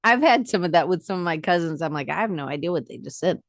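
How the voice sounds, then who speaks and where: A woman from Atlanta, guesting on a podcast, with a lowish voice recorded dry and close. She tells lively stories and acts out what people said. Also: quick pace, dry recording. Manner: lively storyteller who acts out quoted dialogue. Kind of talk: casual conversation.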